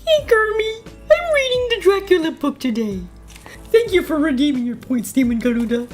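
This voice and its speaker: A haughty pig-puppet diva, as a woman acts her out, speaking in a high, theatrical voice. She is pushy and dramatic in her manner. Faint music plays behind her. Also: big pitch swings, normal speed.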